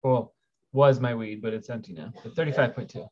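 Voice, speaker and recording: A man's voice: medium pitch, brisk, a little mellow. Rambling man hosting a casual stream. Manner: rambling, reads viewer questions aloud, frequent fillers. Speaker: livestream host. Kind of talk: casual livestream chat. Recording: dull lo-fi stream audio.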